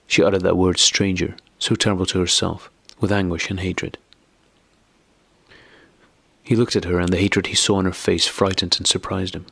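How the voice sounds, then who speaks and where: A man narrating a classic novel as an audiobook, reading in a steady, measured way. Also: sits low, vocal fry, breathy edge, no room sound. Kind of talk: scripted narration.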